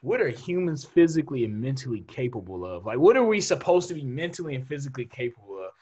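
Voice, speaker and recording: A young man co-hosting a podcast, telling stories in an animated way and laughing often. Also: mid-range voice, quick pace, slightly rough, lo-fi sound. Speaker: podcast co-host. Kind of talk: casual chat.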